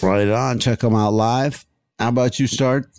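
Unhurried, laid-back podcast host. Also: male voice, medium pitch, steady tone, a little mellow, clean tone, no echo, clean studio sound. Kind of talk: casual comedy chat.

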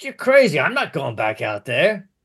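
A bandaged young monk, fed up with his order and ready to bolt, snaps and swears in an agitated, raised voice, put on by a man running a tabletop game. His tone climbs well above the man's everyday pitch. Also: huge pitch swings, moderate pace, gravelly, fairly bright tone, slightly rough, heavily acted. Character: young injured male monk, fed up and foul-mouthed.

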